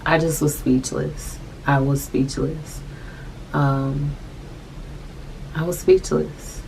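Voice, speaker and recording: A young adult woman telling a personal story to camera, soft-spoken and halting, often repeating her phrases. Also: sits low, flat delivery, creaky, a little hiss or hum, poor audio. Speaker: vlogger.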